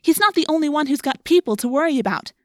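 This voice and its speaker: A woman voicing a bold, fiery teenage girl who speaks forcefully and indignantly. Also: fairly high pitch, fairly quick, dry recording, clean studio sound, pitched above the performer's own voice, close to an everyday voice.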